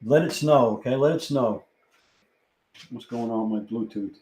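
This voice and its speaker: A man's voice: medium pitch, normal speed, dark tone, poor audio. A man hosting a live-stream trivia game, chatting casually and reading out viewers' answers as they come in. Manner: chatty, thinks aloud, reads out viewer answers. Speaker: livestream trivia host.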